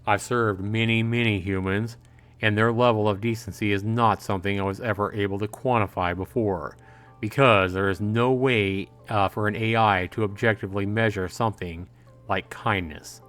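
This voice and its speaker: A man voicing a gentle male android servant who speaks in a measured, formal, matter-of-fact way. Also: on the low side, steady tone, faint music behind, natural voice. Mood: calm, formal.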